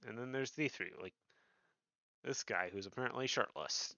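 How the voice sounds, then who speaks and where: A man's voice: medium pitch, moderate pace, pauses often, bright, forceful tone, dry recording. A man streaming a game, making wry offhand asides in casual commentary. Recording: dull dry stream audio.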